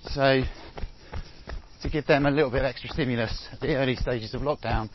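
A man's voice: medium pitch, a little fast. A middle-aged man with a London accent, a running coach rambling casually to his podcast listeners while jogging outdoors and getting out of breath. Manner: rambling, chatty, with many fillers. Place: outdoor forest path. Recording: dull outdoor recording with steady noise.

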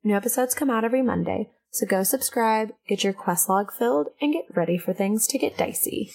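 A woman's voice: on the high side, fairly quick, a little mellow. A woman reading a scripted, upbeat promotional outro for a podcast. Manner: upbeat, smooth promo delivery.

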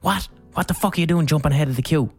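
A man's voice: on the high side, gravelly, bright, forceful tone, slightly rough, faint music behind, pitched above the performer's own voice, exaggerated voice. A man acting out an enraged man who swears and snaps at someone in a queue. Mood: furious. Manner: aggressive, fast, swearing.

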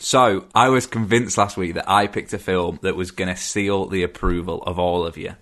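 A young man chatting casually on a film podcast, relaxed and quick to laugh. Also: low voice. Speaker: podcast host.

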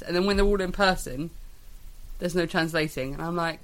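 A woman's voice: lowish voice, steady tone, brisk. A woman co-hosting a podcast, chatting casually in a rambling, self-deprecating way. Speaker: podcast co-host. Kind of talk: casual chat.

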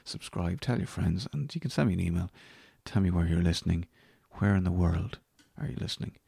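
An Irish podcast host with a very low, gravelly voice and a dark tone. He rambles and jokes about himself, and his words sometimes drop to a husky near-whisper. The recording is dry and close. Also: expressive, fairly quick, dry recording. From Ireland. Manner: rambling, self-deprecating, trailing into whispers. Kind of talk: casual solo podcast sign-off.

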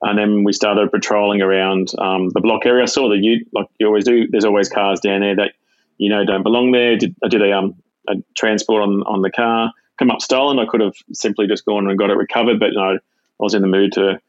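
A middle-aged Australian man speaks low and flat, halting, with fillers and false starts. His voice sounds dry and a bit muffled, with no room around it. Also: no room sound. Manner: halting, many fillers and restarts. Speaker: retired police sergeant, guest. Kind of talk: casual personal storytelling.

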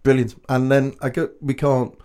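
A man co-hosting a podcast, telling stories in a chatty, relaxed way. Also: medium pitch, moderate pace, clean tone. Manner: anecdotal, chatty storyteller. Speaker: podcast co-host. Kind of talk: casual chat.

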